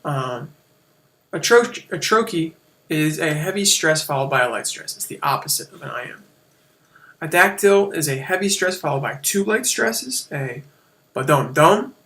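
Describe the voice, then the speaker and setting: Bright-voiced man teaching a casual lesson. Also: fairly high pitch, lively intonation, normal speed. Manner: casual, explanatory, with fillers and self-corrections. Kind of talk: screen-share lesson on poetic meter.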